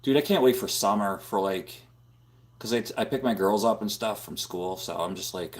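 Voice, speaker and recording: A man hosting a casual livestream from a home room, rambling and filling his talk with "dude" and "like," close on a boom-mounted microphone. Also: normal speed. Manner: rambling, filler-heavy, says "dude" and "like" a lot. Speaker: livestream host. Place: home room full of computer monitors.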